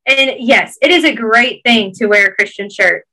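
A woman's voice: on the high side, moderate pace, sharp tone, poor audio. A woman with a Georgia Southern accent, earnestly encouraging listeners in a casual podcast chat.

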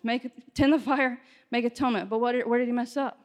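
A woman preaching a sermon with passion, her voice rising to shouts at its peaks. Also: on the high side, fairly even intonation, brisk, big-room sound. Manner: impassioned, builds to shouting.

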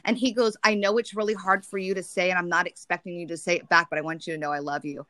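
A woman's voice: on the low side, fairly even intonation, fast, fairly bright tone. A woman talking candidly and emotionally in a casual chat, rambling with many restarts.

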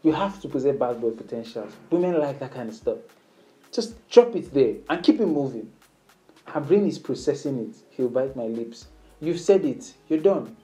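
A man's voice: lively intonation, moderate pace, dark tone, rough recording. A man talking casually to the camera, giving flirting advice in an instructive way. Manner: instructive, acts out sample lines in a higher playful voice. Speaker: dating advice speaker.

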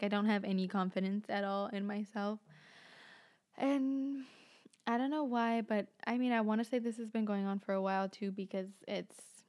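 A young woman hosting a podcast from home at night, talking in a casual, rambling way, swearing often and leaning on "like" as filler. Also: medium pitch. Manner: frank, swears often, heavy use of "like". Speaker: podcast host.

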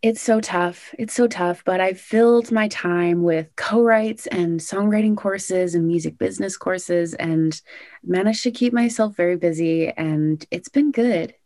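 A young woman, a singer-songwriter, chatting excitedly in an interview with lots of "like" and "oh my gosh". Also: lowish voice, unhurried, no echo, clean studio sound. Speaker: country singer-songwriter guest. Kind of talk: casual interview answers.

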